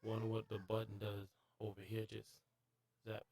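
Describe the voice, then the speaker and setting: A man streaming a game live, excitable and jokey, breaking into bits of song and sudden high-pitched yelps. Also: moderate pace, vocal fry. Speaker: gaming streamer. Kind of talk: live gameplay commentary.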